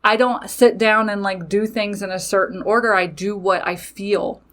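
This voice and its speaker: A woman who is a mother and a podcast host, casually telling a personal story, animated, swearing freely and talking straight to her listeners. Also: medium pitch, normal speed. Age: adult with children.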